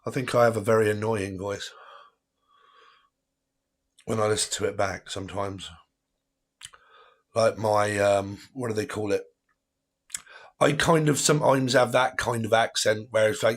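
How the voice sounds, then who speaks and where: A man's voice: on the low side, steady tone. A man who hosts a tarot livestream and chats casually with viewers, rambling and laughing often. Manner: rambling, chatty, quick to laugh. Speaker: tarot reader hosting a livestream.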